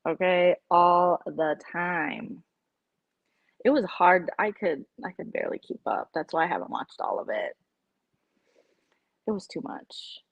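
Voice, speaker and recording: A woman's voice: lowish voice, animated, measured pace, gravelly, long pauses, no echo, dull audio. A woman vlogger in casual live-stream chat, rambling and opinionated as she reacts to her viewers' comments.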